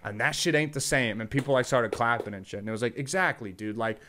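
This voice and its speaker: A man who is a stand-up comedian, telling crude stories in a casual podcast chat and acting out loud, shouted quotes. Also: medium pitch, fast talker.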